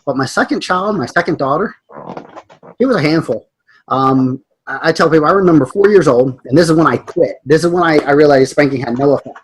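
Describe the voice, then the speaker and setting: A man's voice: a little high, brisk, slight background noise, rough recording. A middle-aged man, a podcast co-host, telling family stories in casual chat and chuckling often.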